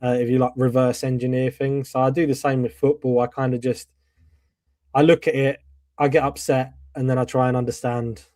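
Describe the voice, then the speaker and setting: A man's voice: medium pitch, flat delivery, fairly quick, darkish tone, no room sound, clean studio sound. A man hosting a casual fan show, telling candid stories and swearing freely. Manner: candid, swears, tells anecdotes. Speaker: host.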